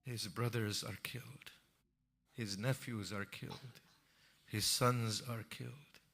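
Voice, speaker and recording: Slow, bright-voiced man preaching a lament. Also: on the low side, fairly even intonation. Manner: dramatic storytelling, rising to impassioned cries. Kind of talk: emotional sermon narration.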